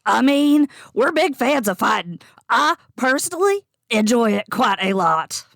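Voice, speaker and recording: Gravelly-voiced woman player, casual. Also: fairly high pitch, big pitch swings, measured pace, fairly bright tone, no room sound, clean studio sound. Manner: casual, breezy in-character replies. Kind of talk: playing a character at a tabletop game.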